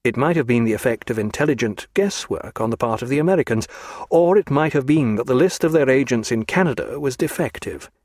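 Here a man narrates a novel as an audiobook, his medium-pitched delivery even and measured throughout. It's scripted narration captured in a clean studio with no room sound.

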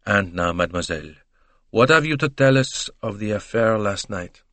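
A man voicing a shrewd, probing older male detective who questions slowly and deliberately. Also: lowish voice, animated, sharp tone, dry recording.

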